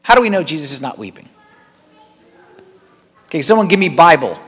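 A man, a priest giving a conversational, animated sermon. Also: fairly high pitch, fairly quick, husky. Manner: conversational, animated preaching with rising emphasis. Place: large church hall. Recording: long church reverb.

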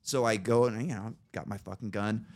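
A man's voice: lowish voice, steady tone, brisk. A man hosting a casual podcast, telling a story with plenty of swearing and acting out his own reactions. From Idaho. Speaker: podcast host.

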